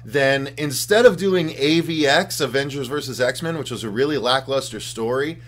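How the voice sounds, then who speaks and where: A man co-hosting a casual livestream chat, excitable and profane, reading viewer comments aloud. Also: medium pitch, moderate pace. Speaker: podcast co-host.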